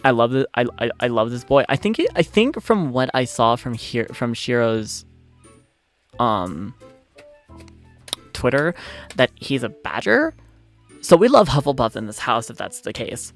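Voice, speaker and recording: A man giving casual commentary on a story game, expressive and quick to swear as he reacts. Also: mid-range voice, faint music behind. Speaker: let's play host.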